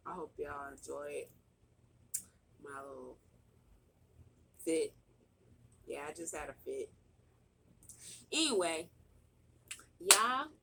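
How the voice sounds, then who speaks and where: A woman vlogger chatting slowly and easily to her viewers from home. She talks in a relaxed drawl and turns dramatic when she is joking. A faint hiss of room noise sits behind her voice. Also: lowish voice, creaky. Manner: dramatic, pleading to the Lord in a sing-song wail. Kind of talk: casual mukbang chat. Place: indoors at home.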